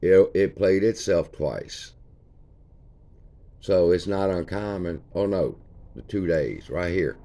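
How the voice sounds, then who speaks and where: A man's voice: deep voice, takes it slowly, long pauses, warm tone. A man, casually walking viewers through a chart for his stock channel. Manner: folksy, points at chart features as he talks. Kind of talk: casual screen-share chart walkthrough.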